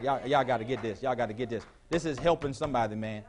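A male pastor preaching a sermon in a church, with call-and-response questions to the congregation, sometimes rising to shouts. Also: medium pitch, quick pace, few pauses. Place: church sanctuary.

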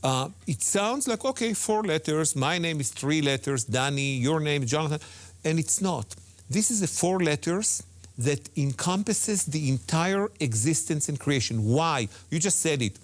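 A man's voice: on the high side, lively intonation, moderate pace. Emphatic man explaining words. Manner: emphatic, repeats key words, non-native phrasing. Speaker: Hebrew teacher guest. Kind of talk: animated religious TV discussion.

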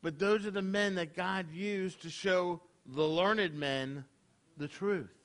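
Guy rabbi preaching, kinda high voice, chatty, keeps asking the room questions. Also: slow, fairly bright tone. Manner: conversational, asks rhetorical questions to the congregation. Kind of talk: sermon. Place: congregation hall.

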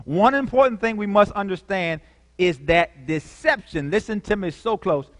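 A man preaching a lively sermon, calling out to the congregation with dramatic swings in volume. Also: high-pitched, normal speed, big-room sound. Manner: animated, call-and-response, dramatic shifts in volume.

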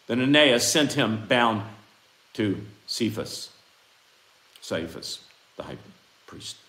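Preacher guy, fiery sermon, jumps from quiet asides to big loud bursts, lively pitch, echoey room. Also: takes it slowly, pauses often. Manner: swings from hushed asides to loud impassioned outbursts. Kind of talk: fiery sermon with scripture reading.

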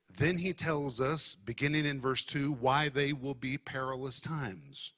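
A man preaching a Bible teaching at a steady middle pitch. He leans hard on key words and slows down to drive each point home. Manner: emphatic, deliberate teaching with stressed key words. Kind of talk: sermon.

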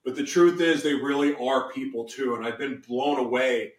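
A man's voice: medium pitch, normal speed. A man hosting an interview, effusive and rambling with frequent restarts. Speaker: interview host. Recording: echoey room, distant mic.

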